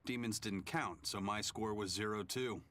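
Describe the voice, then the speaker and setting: A man's voice: on the low side, moderate pace, fairly bright tone, no echo, close to an everyday voice. An actor playing a stern, principled male pirate captain in a game, speaking firmly and matter-of-factly. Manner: firm and matter-of-fact. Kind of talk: game voice acting.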